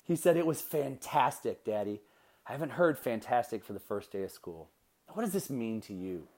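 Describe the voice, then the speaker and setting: A man in his thirties hosting a motivational podcast, telling a personal story with earnest warmth and building to emphatic encouragement. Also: medium pitch, very animated, brisk. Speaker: podcast host.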